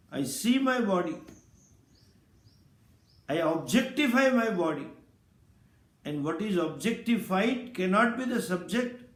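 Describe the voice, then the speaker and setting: A man giving a scripture lecture as a spiritual teacher, speaking slowly and deliberately and explaining Sanskrit terms. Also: sits high, echoey room.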